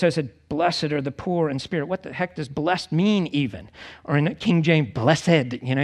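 A man preaching a conversational sermon to a congregation, acting out quoted voices with lively expression. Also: on the high side. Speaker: pastor.

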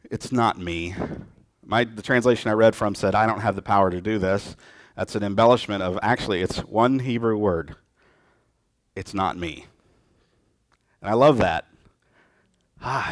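A man's voice: on the low side, dry recording, studio quality. A man preaching a sermon, retelling a scripture story and acting out the lines of its people in changing voices. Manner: lively storytelling, acts out quotes in voices.

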